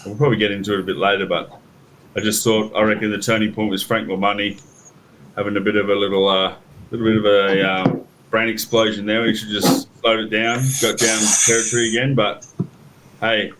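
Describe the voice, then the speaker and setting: A man's voice: on the low side, level tone, a little fast, fairly bright tone, a little hiss or hum. A man co-hosting a rugby podcast, teasing his mates and speaking in casual slang. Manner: teasing, joking, mate-heavy slang. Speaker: podcast co-host. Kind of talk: casual banter.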